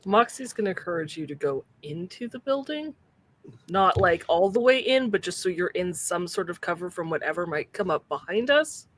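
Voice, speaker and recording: Bright-voiced player describing their move. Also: mid-range voice, lively intonation, normal speed. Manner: casual, explains plans in a rush of clauses. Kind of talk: tabletop game play.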